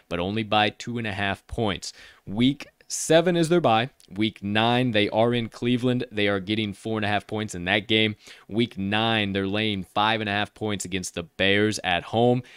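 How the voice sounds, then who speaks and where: A man with a low, smooth, resonant voice hosts a sports betting podcast. He rattles off spreads and schedules with energy and curses freely. The sound is dry and close to the mic. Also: no echo. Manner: energetic, profane, rattles off numbers. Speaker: podcast host.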